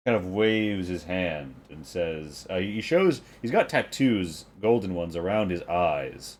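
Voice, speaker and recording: A man narrating as game master of a tabletop game, relaxed and loose with fillers. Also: deep voice, unhurried, few pauses.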